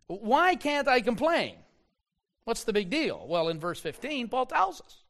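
Animated, high-pitched man preaching. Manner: animated preaching, slows for emphasis, repeats words. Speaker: pastor. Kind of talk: sermon.

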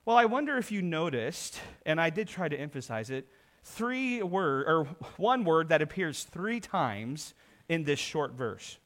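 Middle-aged male pastor, earnest sermon delivery, slightly higher voice, builds to emphatic peaks. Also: big pitch swings, unhurried. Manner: earnest preaching, swells louder for emphasis.

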